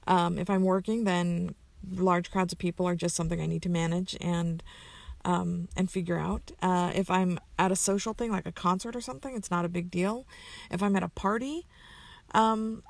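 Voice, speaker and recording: Woman, gravelly, fairly low pitch, casual rambling chat, frequent fillers. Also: no echo. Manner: rambling, many fillers and self-corrections. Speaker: community member answering questions. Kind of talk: casual answering of question list.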